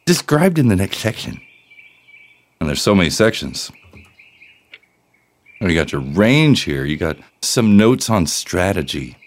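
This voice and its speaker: A man's voice: low-pitched, sing-song, unhurried, long pauses. A man co-hosting a casual podcast, trading dry, sarcastic quips. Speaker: podcast co-host. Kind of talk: casual chat.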